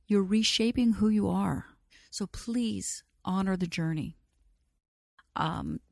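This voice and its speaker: A woman teaching about aromatherapy in a gentle, reassuring talk, speaking straight to the listener. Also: lowish voice, vocal fry, no room sound, studio quality.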